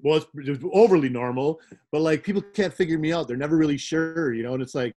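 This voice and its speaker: Speaking a little high and mellow at a quick pace, a middle-aged Midwestern rave promoter rambles through stories as a guest in casual chat. He laughs often and fills his talk with fillers.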